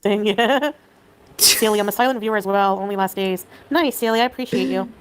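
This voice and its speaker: A woman's voice: medium pitch, fairly quick, slight background noise. A Canadian woman livestreaming, chattily reading viewer comments aloud and greeting viewers.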